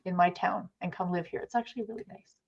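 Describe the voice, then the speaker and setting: A woman's voice: lowish voice, fairly even intonation, fast, vocal fry, husky. Chatty woman on a dull-sounding line. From Canada. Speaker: live stream co-host. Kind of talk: casual chat.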